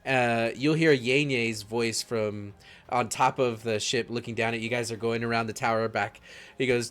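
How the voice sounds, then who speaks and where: A man narrating as game master of a tabletop game, relaxed and descriptive. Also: medium pitch, moderate pace, soft background music.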